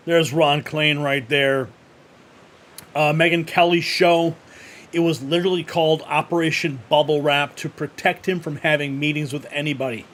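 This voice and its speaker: A man hosting a live news commentary show, reading posts aloud and reacting with excitement. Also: fairly high pitch, moderate pace. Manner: excited, laughs often, reads posts aloud. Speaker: host.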